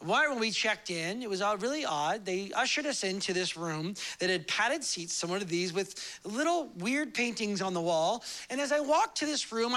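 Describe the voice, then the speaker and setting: Pastor in his thirties, male, very high and forceful, animated storyteller. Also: rough recording. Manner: animated, acts out quoted voices in his stories. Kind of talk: sermon with storytelling.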